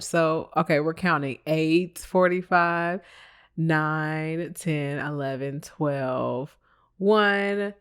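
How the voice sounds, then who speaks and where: A podcast host with a mid-range, clean-toned voice tells a work story as a casual monologue. He's animated and emphatic, laughs often, and throws blunt asides at his listeners.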